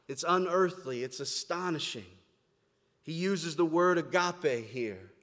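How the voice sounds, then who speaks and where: A man preaching a sermon, moving between quiet, reflective stretches and loud, emphatic declarations. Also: on the high side, measured pace, big-room sound. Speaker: pastor. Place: church sanctuary, standing before a congregation.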